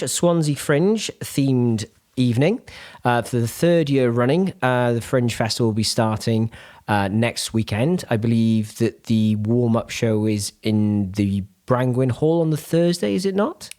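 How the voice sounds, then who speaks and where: A podcast host, opening the show and interviewing a guest in a playful, teasing, self-deprecating way. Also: female voice, a bass voice, a little slow, darkish tone. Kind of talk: casual chat. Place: small room in a historic house.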